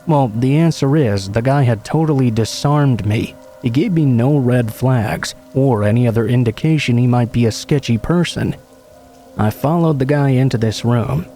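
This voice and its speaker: A man calmly reading true horror stories aloud as a scripted narration. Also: mid-range voice.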